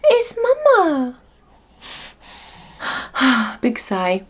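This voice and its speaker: A woman doing cooing high baby talk to an infant. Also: wildly swooping pitch, drawn-out words, husky, heavily acted. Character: mother baby-talking to her infant son.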